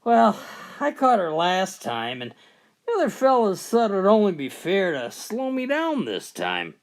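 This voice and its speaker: A man's voice: sits high, huge pitch swings, measured pace, pitched above the performer's own voice, heavily acted. A man voicing a sheepish orderly who casually explains himself. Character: sheepish male asylum orderly.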